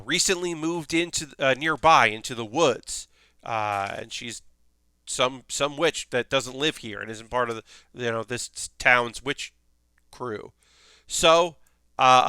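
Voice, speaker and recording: A man's voice: mid-range voice, pushed and bright, smooth, no room sound. A man hosting a stream, recapping an anime plot in a rambling, casual way with lots of fillers. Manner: rambling, filler-heavy retelling. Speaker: stream host.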